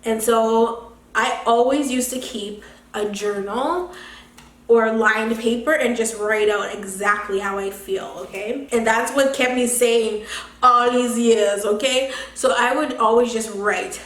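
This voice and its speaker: A young woman telling a casual storytime vlog, animated and slangy, swearing freely and laughing often. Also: a little high, slow pace. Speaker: beauty vlogger. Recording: echoey room.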